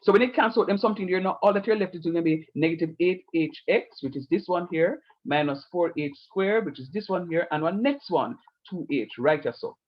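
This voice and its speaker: A man talks a math class through each step, patient and playful. His voice sits a little high, and the online recording sounds dull and lo-fi. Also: fairly quick, few pauses. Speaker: teacher.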